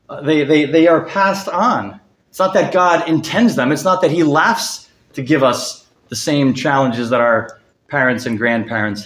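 Male pastor preaching a sermon, earnest and emphatic, fairly high voice, echoey church hall. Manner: earnest, rises in pitch for emphasis, drops soft on key words. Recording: echoey room.

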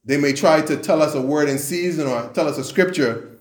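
Man, sermon, earnest, repeats and restarts, a bit high-pitched, roomy echo. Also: fairly quick. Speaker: preacher.

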